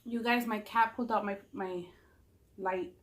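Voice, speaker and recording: A young woman with a Southern California accent telling a story casually in a vlog, swearing a lot and acting out quotes in a higher voice. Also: steady tone, normal speed. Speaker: vlogger. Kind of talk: casual storytelling while eating.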